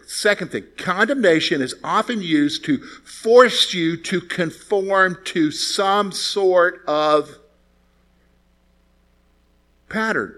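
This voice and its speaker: Male pastor, slightly high voice, conversational sermon full of rhetorical questions and anecdotes. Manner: conversational preaching with rhetorical questions, lively storytelling.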